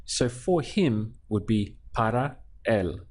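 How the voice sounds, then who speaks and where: A man's voice: on the low side, animated, takes it slowly. A man teaching a language lesson, patiently splitting words into syllables and repeating them. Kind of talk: slow, clear language lesson.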